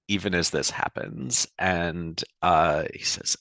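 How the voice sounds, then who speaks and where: Man player, low voice, slow halting narration of a game scene, dry close sound. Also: pushed and bright, clear, resonant tone, no room sound. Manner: halting, many fillers and restarts.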